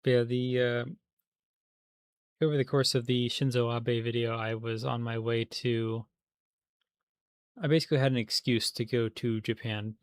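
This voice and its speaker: Flat-voiced rambling male streamer. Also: mid-range voice, normal speed, long pauses, dry recording, clean studio sound. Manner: rambling, many fillers and restarts. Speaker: livestreamer. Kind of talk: casual livestream chat while gaming.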